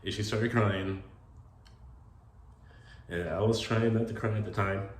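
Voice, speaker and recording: Deep-voiced man rambling through a personal story. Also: steady tone, unhurried. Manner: rambling, many "like" fillers, emotional. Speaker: vlogger telling stories about his late partner. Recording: roomy echo with faint ambient noise.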